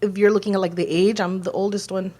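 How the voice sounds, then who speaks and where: Fighting back tears, this thirtysomething podcast co-host talks in a rambling, emotional way, dropping lots of fillers into a casual heartfelt chat. Her medium-pitched voice is warm yet flat in delivery, and she speaks fast.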